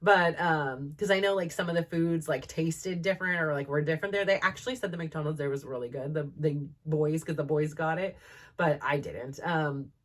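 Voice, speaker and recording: A woman in her thirties with a slightly low voice chats through a casual storytelling monologue. She rambles and fills her sentences with "like" and "um", and she laughs often as she talks. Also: moderate pace. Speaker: podcast host.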